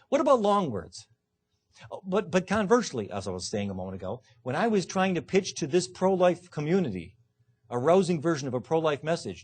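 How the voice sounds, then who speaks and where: A man's voice: mid-range voice, husky. A man, a law professor, lecturing to a live audience in a punchy, emphatic way with dry self-mocking humor. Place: lecture hall.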